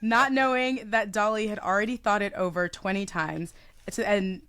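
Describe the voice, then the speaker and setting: Animated woman podcast co-host. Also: mid-range voice, moderate pace. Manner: animated, acts out characters' lines; frequent "like" fillers. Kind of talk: casual book-club chat.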